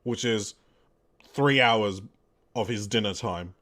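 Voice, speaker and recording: A man's voice: on the low side, slow, a bit bright. A young adult man chatting casually while streaming a game, rambling and correcting himself with lots of fillers. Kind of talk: casual let's-play chat.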